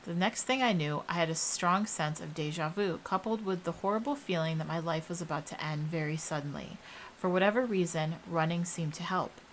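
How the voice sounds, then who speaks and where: A young woman reads a first-person horror story aloud in a steady, even storytelling voice. Her voice sits a little low, with a faint hiss behind it. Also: a little fast, low-quality recording. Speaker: narrator.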